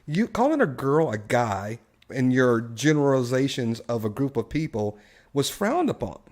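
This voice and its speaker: A man's voice: medium pitch, very animated, moderate pace, darkish tone. A man hosting a casual live-stream discussion, telling a story and putting questions to his co-hosts and the chat. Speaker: live show host.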